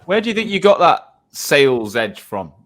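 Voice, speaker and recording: A man's voice: a little high, sing-song, normal speed, fairly bright tone. A man hosting a podcast, asking open questions and murmuring brief agreement. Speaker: podcast host. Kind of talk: interview questions.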